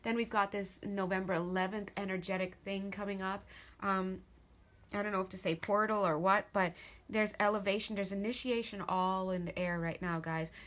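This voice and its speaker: A woman talking through a tarot reading in a loose, chatty way. She rambles into asides and laughs easily, her voice sitting at an ordinary middle pitch for a woman. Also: steady tone, normal speed, fairly bright tone. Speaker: tarot reader. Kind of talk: casual spoken tarot reading.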